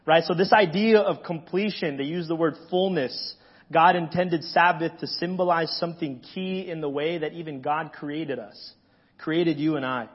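A pastor preaching a sermon in a conversational way, often checking in with the congregation. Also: male voice, a little high, fairly even intonation, normal speed, breathy edge, dull audio. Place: church sanctuary.

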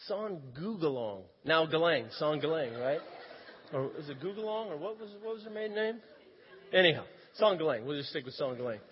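A man preaching a sermon as an animated storyteller who often breaks into laughter. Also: on the high side, fairly quick. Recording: echoey hall, dull lo-fi sound.

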